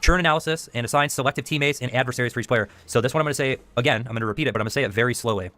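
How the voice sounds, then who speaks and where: A man's voice: mid-range voice, racing, bright, forceful tone, soft background music. A man hosting a video essay, reading passages aloud and commenting on them, often tacking on "okay?". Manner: reads excerpts aloud and comments, tacks on "okay?". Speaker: host.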